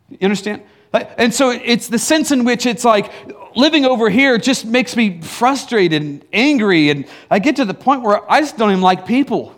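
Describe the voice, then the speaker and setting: High-voiced man giving a casual sermon. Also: animated, normal speed. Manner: casual and teasing, many fillers and restarts, chuckling asides. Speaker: pastor. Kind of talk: conversational sermon.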